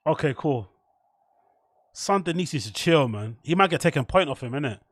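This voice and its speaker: A man's voice: on the high side, normal speed, no room sound. A young man, hosting a casual live stream, reacting to chat and a fight, swearing and laughing often. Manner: excitable, swears a lot, laughs often, mock French bits.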